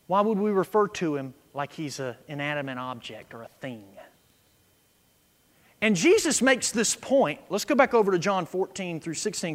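A man preaching a sermon, swinging from quiet asides to loud, emphatic scripture reading. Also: high-pitched. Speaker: pastor. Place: church sanctuary. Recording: echo with long reverb in a church.

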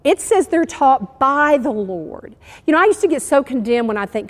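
A woman's voice: sits high, very animated, moderate pace, long reverb tail. Earnest woman preaching in church. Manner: earnest, encouraging, emotional. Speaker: church speaker. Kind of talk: sermon. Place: church sanctuary.

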